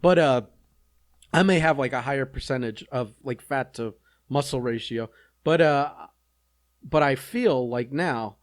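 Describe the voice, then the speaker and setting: Teasing podcast guy, halting speech. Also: medium pitch, dry recording, clean studio sound. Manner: teasing, halting with many fillers. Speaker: podcast co-host. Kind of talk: casual chat. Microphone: podcast mic.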